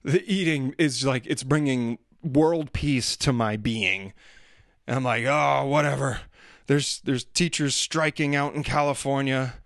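A man's voice: mid-range voice, a little slow, fairly bright tone, dry recording, studio quality. A man telling rambling, self-deprecating stories about family life in a casual monologue. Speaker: father talking about daily life.

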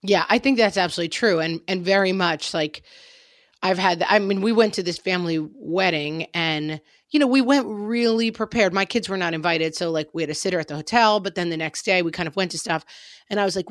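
A woman co-hosts a podcast in a casual, conversational way, and her voice sits slightly low. She keeps a wry, self-mocking humor running through her talk. The recording is dry and close. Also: fairly quick, no room sound. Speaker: podcast co-host.

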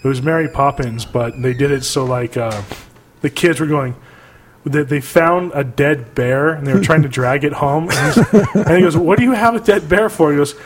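A man's voice: moderate pace, a little hiss or hum. A man co-hosting a podcast, chatting casually and jokingly, now and then breaking into put-on voices. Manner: animated, jokey, breaks into squeaky put-on voices. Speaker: podcast co-host. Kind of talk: casual banter.

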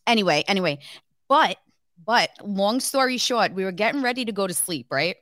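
A woman co-hosts a podcast from a studio, telling stories with lively, giggly energy and casual swearing. Her pitch is mid-range for a woman. The recording is dry and close. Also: a little fast, no room sound. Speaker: podcast co-host. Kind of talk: casual chat.

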